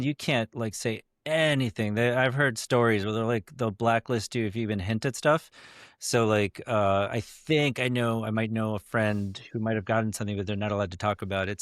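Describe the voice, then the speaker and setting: A man's voice: on the low side, dry recording, clean studio sound. A man, an actor guest on a podcast, talking in a chatty, rambling way about his work. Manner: talkative and rambling. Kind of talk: casual interview chat.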